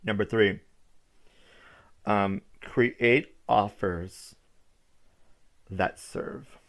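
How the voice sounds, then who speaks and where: Low-pitched male speaker for a motivational business talk, unhurried and emphatic. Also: steady tone, a bit bright. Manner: emphatic, repeats key phrases, tells listeners to write things down.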